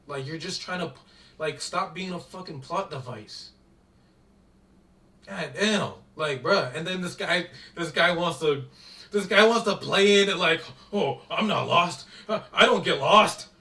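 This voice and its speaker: A young man in heated, slang-heavy commentary, swearing through an exasperated rant in a fairly high, bright, forceful voice. He sits back from the mic in an echoey room. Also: moderate pace, far from the mic. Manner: profane, slangy, exasperated rant with constant "bro". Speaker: commentator reviewing a show.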